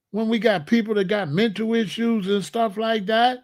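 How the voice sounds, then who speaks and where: A man's voice: sits high, steady tone, moderate pace. A man hosting solo political commentary, talking emphatically and repeating incredulous rhetorical questions. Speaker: commentary channel host.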